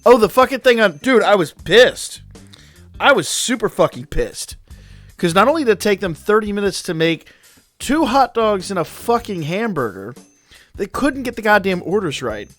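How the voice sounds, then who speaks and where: A man's voice: sits high, very animated, normal speed, fairly bright tone, no echo. A man live-streaming a game, chatting casually with his viewers in a rambling, profane way and answering their messages. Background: faint background music.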